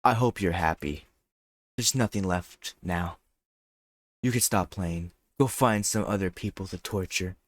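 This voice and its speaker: A man's voice: sits low, measured pace, no echo. A man reading aloud the lines of a lovestruck, possessive teenage girl from a visual novel, moving between teasing and anguish. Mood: bitter. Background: loud game music.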